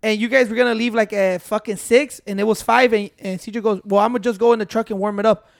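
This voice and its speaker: A man's voice: high-pitched, steady tone, fast talker, gravelly, dry recording, clean studio sound. Profane, laughing code-switching man. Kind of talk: casual chat.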